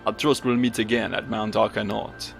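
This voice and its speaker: A man's voice: on the low side, flat delivery, moderate pace, creaky, soft background music. A man voicing a solemn exiled male bird-folk warrior in a put-on French accent for a video game let's play. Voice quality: accent degrading as it goes.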